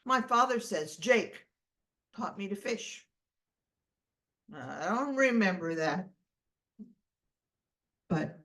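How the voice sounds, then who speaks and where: An older woman storyteller telling a folksy tall tale in an unhurried manner. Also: mid-range voice, fairly bright tone. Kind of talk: tall tale told over a video call. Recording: distant mic.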